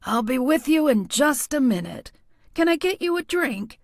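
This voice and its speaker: A woman's voice: high voice, expressive, normal speed, dry recording, clean studio sound, pitched above the performer's own voice. Lady reading as a folksy old small-town police chief, nosy questions, voice swings around a lot. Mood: genial. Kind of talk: audiobook character voice.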